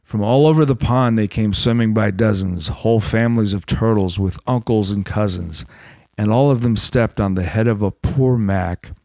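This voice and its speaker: A man reading a bedtime story aloud, playful, with deadpan joking asides. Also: lowish voice, normal speed, no echo.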